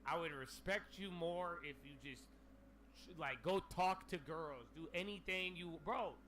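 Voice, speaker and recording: Male streamer, loose profane rant to chat, bright edge, slightly high, faint noise bed. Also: unhurried. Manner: profane, animated ranting with slang. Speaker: livestream host. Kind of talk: casual livestream rant.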